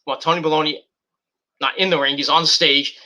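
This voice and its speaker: A man's voice: on the high side, fairly even intonation, brisk, bright, forceful tone, muffled recording. A man casually reviewing a wrestling show, rambling with lots of fillers and mocking paraphrases of what people said.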